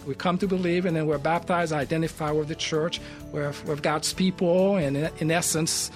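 A man who talks through a Bible passage in a thoughtful way, with many fillers. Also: fairly high pitch. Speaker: Bible teacher guest. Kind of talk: conversational Bible study.

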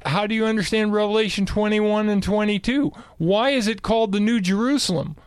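A man explaining Bible passages in conversation, emphatic and animated. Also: high voice, a little fast, smooth, no room sound. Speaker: Bible teacher guest.

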